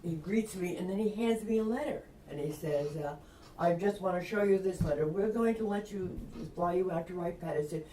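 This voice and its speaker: An older woman from Long Island, a retired reporter, telling a lively anecdote and acting out the voices of people in it. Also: fairly low pitch, a little fast, slight background noise. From Long Island, New York. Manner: lively, acts out quoted voices, laughs often. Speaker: interview guest, retired reporter. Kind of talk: anecdotal storytelling. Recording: roomy, distant mic.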